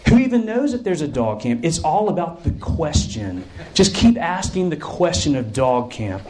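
Brief: dreamy, vague female camp leader, put on by a male preacher; slow, airy, mystical delivery. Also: fairly high pitch, big pitch swings, darkish tone, a little hiss or hum, poor audio.

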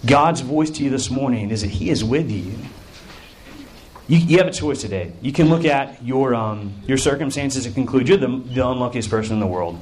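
A man's voice: medium pitch, lively intonation, normal speed, a little mellow, a little hiss or hum. A male pastor preaching a sermon in an earnest way, drawing out phrases for emphasis.

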